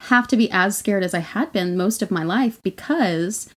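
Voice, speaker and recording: A woman's voice: mid-range voice, moderate pace. A woman co-hosting a podcast, telling stories in casual chat, blunt and profane with frequent laughs. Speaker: podcast co-host.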